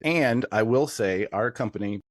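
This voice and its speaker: A man with a somewhat low voice answers interview questions with eager energy, thinking aloud as he explains. He sounds like a guest on a casual interview show. The recording is dry and close. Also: normal speed, dry recording. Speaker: interview guest, industry consultant.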